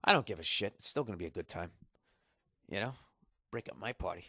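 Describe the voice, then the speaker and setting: A man's voice: deep voice, animated, fast, pushed and bright, dry recording, clean studio sound. Profane, riffing man. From Massachusetts, USA. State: jet-lagged. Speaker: podcast host, comedian. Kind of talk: rambling comedic monologue. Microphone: podcast studio mic.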